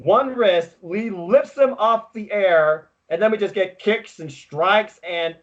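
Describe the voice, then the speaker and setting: Guy co-hosting a wrestling podcast, kinda high voice, gets worked up recapping, muffled audio. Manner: excitable, quick play-by-play recapping. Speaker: podcast co-host. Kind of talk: casual wrestling recap chat.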